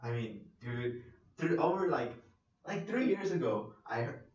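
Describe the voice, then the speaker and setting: A man's voice: mid-range voice, big pitch swings, a little slow, darkish tone, distant mic. A young man co-hosting a podcast, talking in a rambling, hesitant casual way. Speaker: podcast co-host. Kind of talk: casual chat. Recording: roomy lo-fi sound from off mic.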